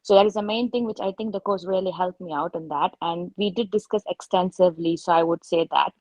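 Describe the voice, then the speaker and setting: A woman surgeon with a lowish, darkish voice speaks a little fast while openly sharing exam anecdotes at a casual online meet-up, often self-correcting mid-sentence. The audio is poor, though free of echo.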